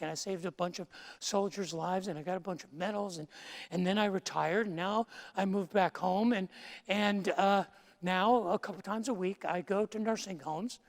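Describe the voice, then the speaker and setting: A man voicing a boastful talking dog who tells tall tales in a rambling, matter-of-fact way. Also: high voice. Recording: long church-hall reverb.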